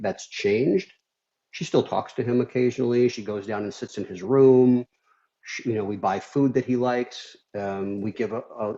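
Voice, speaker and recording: A man's voice: on the low side, dark tone. A middle-aged man from Minnesota, a surgeon guest on a podcast, talking candidly and rambling with many "you know" fillers. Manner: rambling, frequent "you know" fillers, laughs while telling stories. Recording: slightly dull lo-fi audio.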